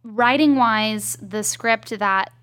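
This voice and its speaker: A woman filmmaker chatting in an interview, telling stories in a lively, talkative way. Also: on the high side, slow, no room sound. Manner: chatty, animated storytelling. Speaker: indie filmmaker guest. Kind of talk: casual interview chat.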